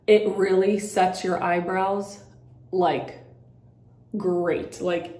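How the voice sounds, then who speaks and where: A woman's voice: lowish voice, darkish tone, roomy sound, slight background noise. A young woman chatting through a makeup tutorial at home, a bit out of breath and full of fillers as she demonstrates. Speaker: beauty vlogger. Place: at home by a mirror.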